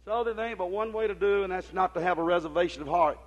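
A preacher man with a high, husky voice delivers a fiery sermon. His speech is folksy and ungrammatical, and he swings from shouted exhortation down to low, intense tones. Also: fast, few pauses, poor audio.

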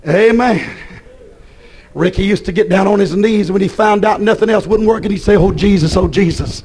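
A man preaching a fiery sermon, swinging from shouted bursts down to quiet storytelling. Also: moderate pace. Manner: shouting bursts then drops to low storytelling.

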